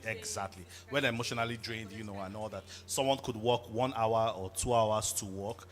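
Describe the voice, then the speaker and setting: A man's voice: fairly low pitch, fairly even intonation, brisk, hardly any pauses, a bit bright. Hesitant man speaking from the audience. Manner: hesitant, lots of fillers. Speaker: audience member. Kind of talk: spontaneous remarks. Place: event hall.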